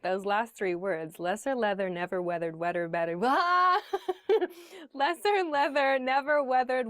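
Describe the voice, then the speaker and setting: A woman speaks on a casual podcast, trying out tongue twisters in a playful way. Her voice sits at a middle pitch. It is recorded close up on a dry mic with no room sound. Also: no room sound. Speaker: podcast host played in class.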